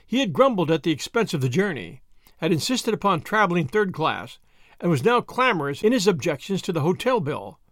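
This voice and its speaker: Man narrating, animated pitch, slightly high, measured. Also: dry recording, studio quality. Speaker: audiobook narrator. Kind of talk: scripted narration.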